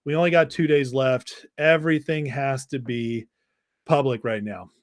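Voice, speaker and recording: A man hosting a live stream, chatting casually and greeting viewers by name with high energy. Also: normal speed, no room sound, clean studio sound. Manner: energetic, reads out viewer names in a rush. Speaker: livestream host.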